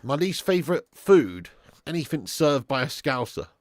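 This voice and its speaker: A sweary man hosts a football watch-along in laddish banter. His voice sits fairly high and swings up and down a lot, and the sound is close and dry with no room around it. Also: big pitch swings, normal speed, no echo. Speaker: live stream host.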